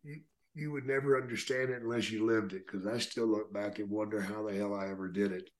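A man's voice: fairly low pitch, steady tone, fairly quick. Laid-back man telling stories. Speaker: guest, retired wrestler. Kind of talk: casual storytelling interview.

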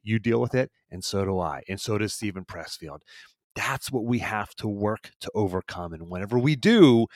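A man, a performance coach, giving a solo motivational podcast talk in an energetic, emphatic way, repeating key phrases. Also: fairly low pitch, dry recording, clean studio sound.

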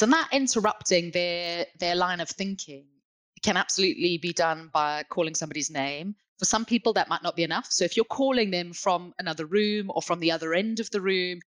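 A woman, a guest expert, explaining calmly and clearly on a podcast. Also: fairly low pitch, no echo.

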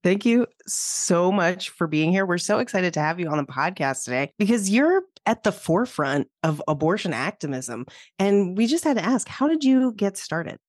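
A woman co-hosts a casual podcast, her voice a little low and her remarks wry and sarcastic. The sound is close and dry. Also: very animated, moderate pace, no echo. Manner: sarcastic, mocking asides. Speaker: guest co-host.

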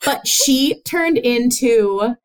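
High-voiced, slightly nasal Midwestern woman. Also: extremely slow, smooth. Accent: US Midwestern, Chicago-tinged. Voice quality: a little nasal. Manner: animated, laughing storyteller. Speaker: interviewer, host's sister. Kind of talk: casual podcast storytelling.

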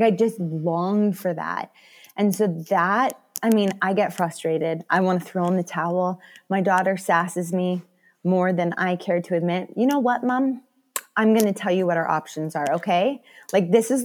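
A woman talking as a podcast guest, telling candid stories and acting out the voices of the people in them. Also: lowish voice. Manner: animated storyteller who acts out quoted voices. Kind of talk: candid conversational interview.

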